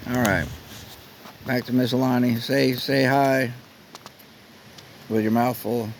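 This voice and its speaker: A man filming a relaxed, rambling camping vlog at an outdoor campsite on a handheld camera. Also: medium pitch, slow, poor audio. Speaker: vlogger. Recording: faint outdoor noise.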